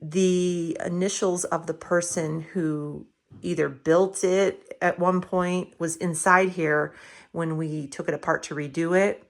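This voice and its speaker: A woman's voice: fairly low pitch, steady tone, slow pace. A woman in her fifties chatting casually while giving a home tour, enthusiastic about her thrift finds. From United States.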